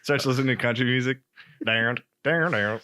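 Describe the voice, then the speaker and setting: A man's voice: mid-range voice, moderate pace, pushed and bright. A man co-hosting a podcast in casual chat, throwing in playful jokes and teasing remarks. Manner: jokey interjections, playful teasing. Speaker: podcast co-host.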